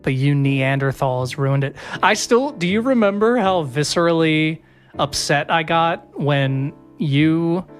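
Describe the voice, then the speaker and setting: A man's voice: fairly high pitch, takes it slowly, soft background music. A man co-hosting a podcast, chatting casually and rambling with self-mocking asides and restarts. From Las Vegas, Nevada. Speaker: podcast co-host. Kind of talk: casual chat.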